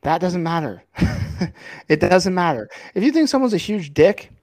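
A fired-up man with a slightly high voice vents on a filmed podcast, swearing freely and talking over his co-host. His delivery is casual and heated. He rants rather than speaks calmly. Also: normal speed. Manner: heated, profane, ranting. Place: podcast set filmed on camera.

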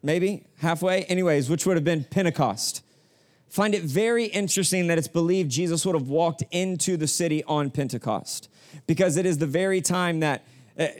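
In a church sanctuary, a young man preaches with an easygoing, slang-heavy delivery, calling on the congregation to repeat phrases back. His voice runs on the high side.

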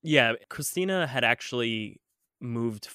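A man co-hosting a podcast in casual chat, chatty and quick to laugh. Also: mid-range voice, expressive, sharp tone, clear, resonant tone, dry recording, studio quality. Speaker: podcast co-host.

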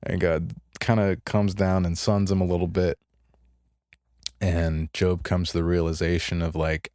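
Laid-back low-voiced young man. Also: little pitch movement, unhurried, darkish tone, no echo, studio quality. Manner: laid-back, retells stories with put-on voices. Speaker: podcast co-host. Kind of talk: casual podcast chat.

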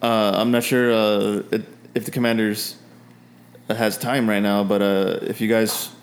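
A man's voice: on the low side, level tone, a little slow. A man voicing a friendly male town guard who rambles and hesitates with many fillers. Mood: helpful.

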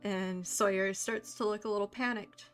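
A woman narrating as game master, chatty and relaxed. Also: medium pitch, moderate pace, soft background music. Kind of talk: narrating a tabletop game on stream.

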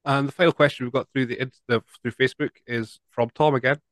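A man's voice: medium pitch, fairly even intonation, quick pace, fairly bright tone, no echo. A man hosting a podcast, asking questions in a hesitant, jokey way while nursing a sore throat. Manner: hesitant, jokey, self-conscious. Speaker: podcast host. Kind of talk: casual chat.

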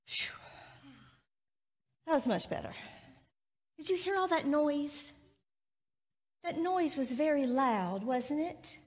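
A woman with a high, bright-pitched voice gives a children's sermon in a church sanctuary. She speaks slowly and unhurriedly, and keeps turning to the children with friendly questions. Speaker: children's minister.

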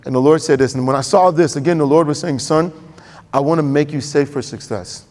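A man's voice: fairly high pitch, fairly quick, a little mellow, long reverb tail. A male pastor preaching a sermon in a conversational way, acting out quoted voices.

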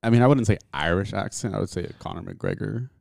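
A man's voice: fairly low pitch, quick pace, vocal fry, darkish tone, no room sound, studio quality. A young man co-hosting a casual podcast, teasing his friend and laughing a lot. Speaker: podcast co-host. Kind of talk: casual chat.

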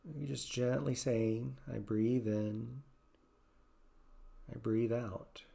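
Gravelly, mellow man guiding a slow meditation. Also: mid-range voice, flat delivery. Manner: soft-spoken, slow and gentle with long pauses. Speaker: yoga and meditation teacher, podcast host. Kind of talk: guided meditation.

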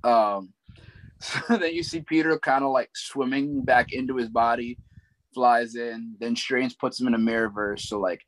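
A man with a fairly low voice chats loosely about a film. He retells it in a rambling way, with plenty of ums and likes. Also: no echo, low-quality recording. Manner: rambling retelling with many fillers. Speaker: movie recap co-host. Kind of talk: casual chat.

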